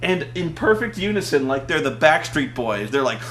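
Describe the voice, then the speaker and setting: Young guy, high voice, sweary mocking movie rant, faint hum behind. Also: sing-song, moderate pace, fairly bright tone. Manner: profane, mocking, acts out scenes in silly voices. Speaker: vlog co-host. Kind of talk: animated casual movie rant.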